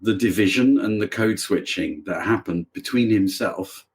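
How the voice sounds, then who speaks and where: A man with a somewhat low voice chats as a podcast guest. He talks casually and keeps trailing off and restarting. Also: moderate pace. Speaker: author guest. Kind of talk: casual conversation.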